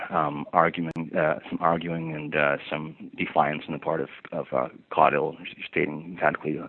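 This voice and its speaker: A man giving a long personal account of an incident, in formal wordy phrasing with frequent ums and restarts. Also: rumbling low. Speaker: passenger recounting an incident. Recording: tinny lo-fi phone-like recording.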